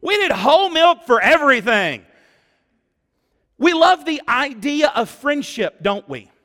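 A man preaching a sermon as pastor, animated and exclamatory, acting out what people say. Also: very high voice, unhurried. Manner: animated, exclamatory, acts out quotes. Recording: long church-hall reverb.

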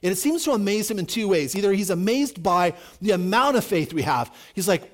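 A man preaching a sermon, lively, acting out the people in his stories with big swings in loudness. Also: brisk, hardly any pauses. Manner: animated, acts out quoted voices with big swings in pitch and volume. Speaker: pastor.

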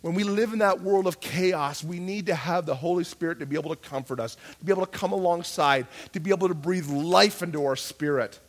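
Man, pastor, sermon, conversational preaching, slightly high voice, loud-to-hushed swings. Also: brisk, few pauses.

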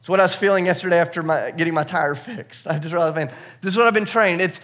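A man preaching a sermon to his church with a high, light voice. He talks in an animated, loose way, chuckling often, stacking fillers and repeating words as he builds each point. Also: quick pace. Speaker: pastor. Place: church service.

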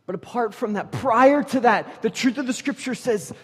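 A man with a notably high voice preaches from the pulpit, his words trailing off into the long reverb of a church hall. He swings between loud, emphatic declarations and near-hushed intensity. He keeps the congregation close with joking asides and stories. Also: normal speed, slightly rough. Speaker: pastor. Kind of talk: sermon. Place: church sanctuary.

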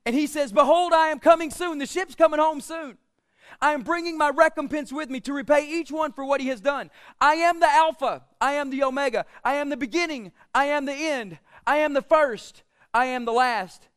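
A man preaching a sermon, quoting scripture and swinging between loud emphatic declarations and quieter, playful asides. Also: extremely high pitch, brisk. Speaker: pastor.

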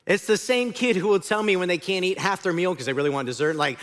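A middle-aged man preaches a sermon with a high, lively voice that swings widely in pitch. His delivery is animated, rising to near shouts and falling to quiet intensity. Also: quick pace, few pauses. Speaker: pastor.

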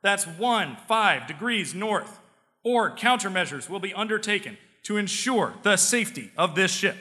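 A man's voice: high-pitched, animated, sharp tone, long reverb tail, pitched above the performer's own voice, heavily acted. A man voicing a pompous male navy captain who barks demands over the radio. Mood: commanding. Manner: raised, commanding, slow emphatic delivery.

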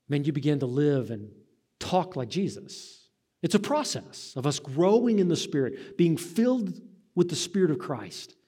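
A man's voice: fairly high pitch, mellow. Earnest man preaching a sermon. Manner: earnest, appealing, rhythmic repetition.

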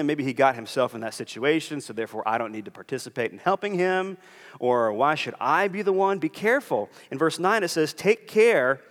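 Pastor, male, earnest sermon delivery with animated swings in pitch, recorded in a church with lingering reverb. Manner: earnest preaching, acts out quoted voices.

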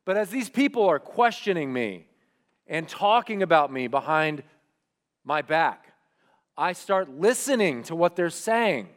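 A young man, a student pastor, preaching a sermon as a personal story, moving between loud animated retelling and quiet reflective asides. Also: a little high, measured pace.

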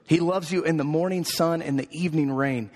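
A pastor with a fairly high voice delivers a rhythmic sermon and builds his points through emphatic repetition. His words ring out with a long hall reverb behind them. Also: fairly quick, darkish tone. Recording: echoey hall.

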